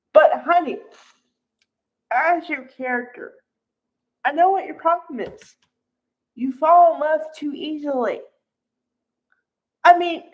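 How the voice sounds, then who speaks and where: A woman's voice: high voice, highs cut off. A woman chatting casually as a soap opera commentator, frank and chatty, laughing often and calling people honey.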